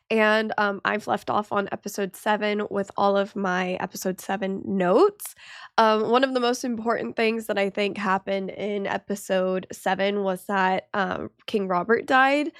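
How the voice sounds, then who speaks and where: A woman's voice: medium pitch, clean tone, dry recording, studio quality. A young woman hosting a reaction channel, talking casually to her viewers, her voice congested from a cold, rambling with many fillers. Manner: chatty, rambling with many ums and likes. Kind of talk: casual chat to camera.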